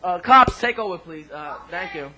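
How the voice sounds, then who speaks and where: A man hosting a home-made mock radio street-interview show, excitable and rambling, often tripping over his words. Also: high voice, moderate pace, rough recording.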